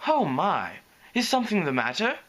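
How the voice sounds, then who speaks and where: Man doing a timid soft-spoken mare, meek, hesitant, raised pitch. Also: wildly swooping pitch, normal speed, full character voice.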